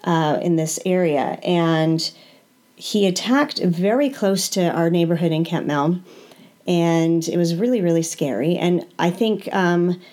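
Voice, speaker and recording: A woman's voice: on the low side, a little slow, darkish tone. A woman hosting a radio interview, introducing her guest at length with many fillers. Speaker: radio show host.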